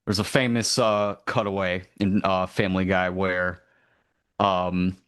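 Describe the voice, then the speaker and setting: A man's voice: low-pitched, flat delivery, unhurried, fairly bright tone, clear, resonant tone. A man in a casual podcast chat, telling a story with lots of fillers.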